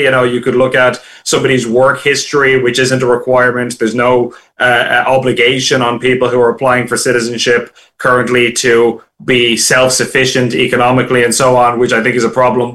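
A man's voice: medium pitch, a bit bright. A young man, a guest in a political interview, arguing his point earnestly and with emphasis. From Ireland.

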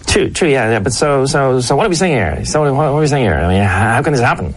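A man hosting a sports radio show in a comedy sketch, talking hesitantly, with many fillers and pauses. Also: medium pitch, animated.

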